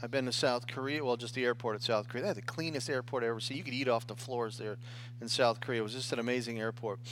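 A man's voice: medium pitch, steady tone, quick pace, a bit bright, a little hiss or hum. A man preaching a sermon in a conversational style, often checking in with the listeners and restarting his phrases. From United States. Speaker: pastor.

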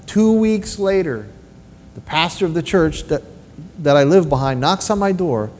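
A man preaching a sermon with personal testimony, telling stories in an animated way and asking rhetorical questions. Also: a little high, measured pace. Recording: long reverb of a large hall.

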